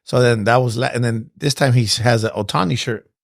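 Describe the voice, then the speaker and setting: Fast gravelly-voiced blunt coach. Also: male voice, medium pitch, dry recording, studio quality. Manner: blunt, profane storyteller. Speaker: boxing coach. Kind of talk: casual podcast chat.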